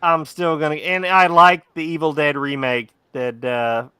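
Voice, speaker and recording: A man gives blunt, profane opinions in casual podcast chat. His voice is bright and crisp, slightly high, and recorded dry and close. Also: fairly even intonation, a little slow, no room sound. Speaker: podcast co-host.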